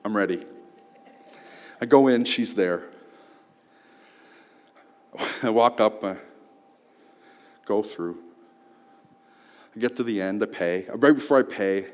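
A man telling a personal story in a sermon, swinging from loud outbursts to hushed tones. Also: lowish voice, slow pace, pauses often. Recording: long hall reverb.

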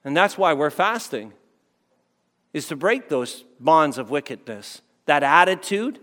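A man's voice: fairly high pitch, very animated, measured pace, a bit bright. A man preaching a sermon as pastor, talking conversationally, repeating phrases and checking in with the congregation. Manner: conversational, repeats phrases, asks the crowd "right?". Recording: long hall reverb.

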